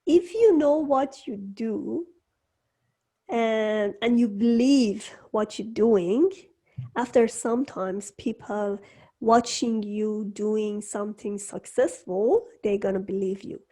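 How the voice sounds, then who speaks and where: Slow-speaking woman, English as second language. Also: mid-range voice, mellow. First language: not English. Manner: slow, halting, with frequent restarts and laughs. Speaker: host. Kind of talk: casual interview chat. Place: home studio room.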